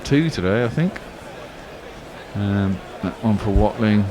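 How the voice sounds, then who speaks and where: A man giving live ball-by-ball radio cricket commentary, excitable, swearing and arguing with his co-commentator. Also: on the low side, measured pace, noisy background. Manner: excitable, swears freely, argumentative banter.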